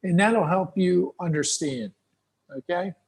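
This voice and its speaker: Guy with american accent, kinda raspy and highish voice, chatting easy over a video call. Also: takes it slowly. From United States. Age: middle-aged. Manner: relaxed, folksy, acts out little dialogues. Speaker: guest speaker. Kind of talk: casual advice to English learners.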